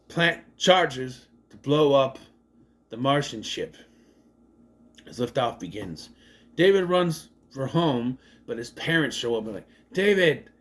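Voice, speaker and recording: A man casually recapping and reviewing a movie, swearing and mocking the scenes as he goes. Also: medium pitch. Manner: animated, swears, mocks scenes in exaggerated voices.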